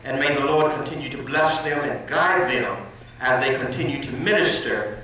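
A man's voice: mid-range voice, normal speed, pushed and bright, slight background noise. A man addressing a church congregation, leading call-and-response praise and thanking the choir. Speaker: minister. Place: church hall. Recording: echoey church hall from far off.

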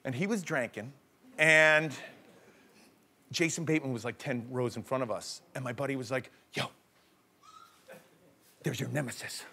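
A young man hosting a comedy show, telling jokey stories in an animated way and laughing through them. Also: medium pitch, moderate pace, long pauses. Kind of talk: comedic monologue.

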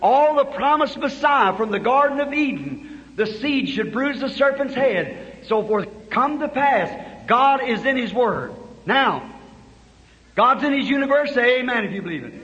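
A man preaching a sermon, building from plain telling to shouted climaxes, recorded on a dull old tape. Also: extremely high pitch, animated, measured pace, long reverb tail. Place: church hall.

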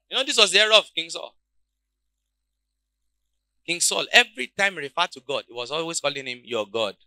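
A man preaching a sermon, calling out questions to the congregation and swinging between quiet, low passages and loud shouts. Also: a little fast, pauses often, no room sound, a faint crowd. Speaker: pastor.

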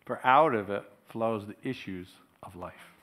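A man preaching a casual, storytelling sermon to a church congregation, chuckling often and getting animated when he quotes other people. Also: lowish voice, measured pace. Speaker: pastor.

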